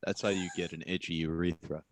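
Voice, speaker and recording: A man's voice: low voice, steady tone, a little fast, dry recording, clean studio sound. A man co-hosting a podcast, telling blunt, sarcastic stories about customers at work. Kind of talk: casual storytelling chat.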